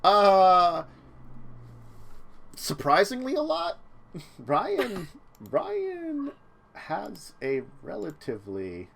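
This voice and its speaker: A man's voice: high voice, huge pitch swings, slow pace, creaky, long pauses, fairly bright tone, a little hiss or hum. A man narrating a tabletop role-playing game as game master, rambling along with many fillers and restarts.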